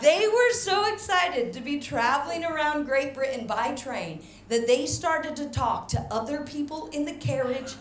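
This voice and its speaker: An American woman performing an animated stand-up comedy set on a stage microphone, switching into quick mimicry. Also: sits high. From United States. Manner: brash, animated storytelling with mimicry. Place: comedy stage with live audience. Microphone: handheld stage microphone. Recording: echoey venue, audience noise.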